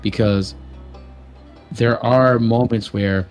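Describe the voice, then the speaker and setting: A man's voice: mid-range voice, steady tone, slow pace, soft background music. A man co-hosting a podcast, speaking in an earnest, reflective way about his own views. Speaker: co-host. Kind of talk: casual podcast chat.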